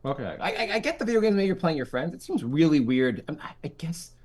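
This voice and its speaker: Animated middle-aged man hosting a chat. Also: fairly high pitch, fast, slightly rough. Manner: animated, acts out quoted voices. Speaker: podcast host. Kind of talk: casual comedic chat.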